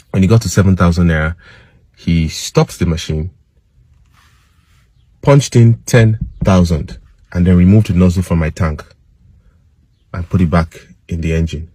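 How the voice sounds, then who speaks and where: A Nigerian man ranting agitatedly as he retells a run-in, his voice climbing to loud outbursts. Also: low voice, slightly rough, no echo. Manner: agitated, rising to loud outbursts when quoting himself. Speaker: minister ranting on camera. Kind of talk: personal rant, retelling an incident.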